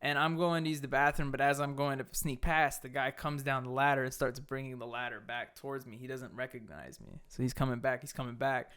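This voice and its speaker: A man co-hosting a podcast, telling a story in casual, animated chat and swearing freely. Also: mid-range voice, a little fast, hardly any pauses, clean tone. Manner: animated, swearing, acts out people's lines in raised voices. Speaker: podcast co-host.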